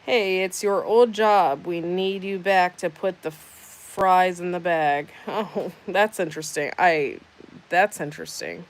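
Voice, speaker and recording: A woman's voice: lowish voice, fairly even intonation, slow, hardly any pauses. A woman hosting a casual livestream, reading out chat comments with sarcastic, teasing banter. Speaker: livestream host.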